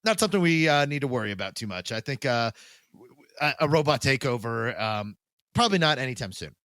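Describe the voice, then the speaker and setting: Dude cohosting a podcast, rambly, swears a lot, laughs a bunch, medium voice, dry close mic. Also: male voice, medium pitch, lively intonation, fast, a bit bright, no room sound. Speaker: podcast co-host. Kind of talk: casual chat.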